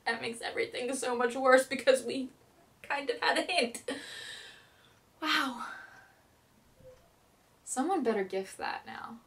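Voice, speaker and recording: Young female fan vlogger, dramatic and gushing, high voice, a little distant from the mic. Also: steady tone, slow, long pauses. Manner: gushing, breathless and dramatic, with laughs and swings in loudness. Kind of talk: excited TV episode recap.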